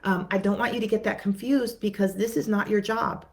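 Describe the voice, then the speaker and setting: A woman's voice: medium pitch, steady tone, brisk. A woman therapist giving a conversational teaching talk to viewers, repeating words and acting out what clients say.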